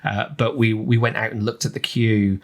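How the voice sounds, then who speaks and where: Chatty English man, lowish voice. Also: level tone, normal speed. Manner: chatty, rambling with many ums and restarts. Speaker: podcast co-host. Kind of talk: casual chat.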